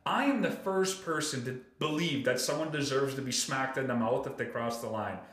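A man's voice: medium pitch, moderate pace, echoey room. A man hosting a podcast, ranting in casual chat with lots of swearing. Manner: animated, profane ranting. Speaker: podcast host.

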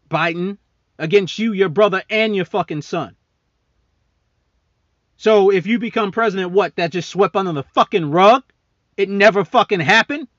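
Man, podcast host, angry political rant, profane, mocking, high voice, bright forceful tone, dry dull lo-fi sound. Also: no echo. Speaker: military service member.

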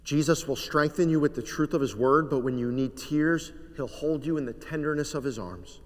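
In what sounds like a vast sanctuary, every phrase trailing a long reverb, a pastor with a slightly high male voice delivers his sermon earnestly and deliberately. On heavier lines he sinks to a near whisper.

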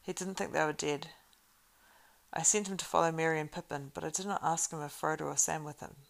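A woman reading a story aloud and voicing a grave, weary man who leads the group, speaking in solemn, measured old-fashioned phrases. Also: deep voice, steady tone, creaky.

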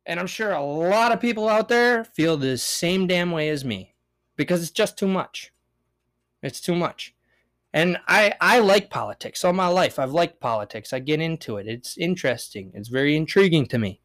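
A young man hosting a casual solo podcast, ranting in a profane, rambling way with big swings in pitch and loudness. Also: expressive, normal speed. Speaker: podcast host.

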